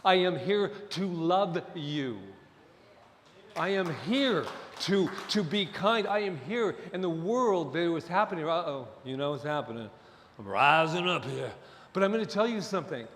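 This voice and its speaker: A middle-aged man preaching a sermon as minister, impassioned and at times near shouting. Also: sits high, animated, a little slow, a little hiss or hum. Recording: long hall reverb.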